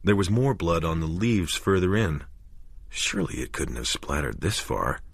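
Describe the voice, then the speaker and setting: A man narrating a horror audiobook in a measured, deliberate way. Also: low-pitched, big pitch swings, vocal fry, slightly rough, no echo.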